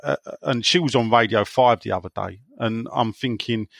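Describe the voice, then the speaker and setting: English bloke hosting a podcast, rambly and sweary, dry close sound. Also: male voice, medium pitch, moderate pace, creaky, dry recording. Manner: rambling, swears, laughs often. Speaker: podcast host reading listener questions. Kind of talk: casual chat.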